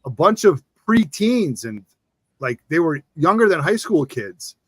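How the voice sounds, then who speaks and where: A man co-hosting a casual comic collecting show, telling stories excitedly and acting out other people's lines. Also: a little high, a little slow, husky, no room sound. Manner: excitable, acts out quotes in raised voices. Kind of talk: casual chat, animated storytelling.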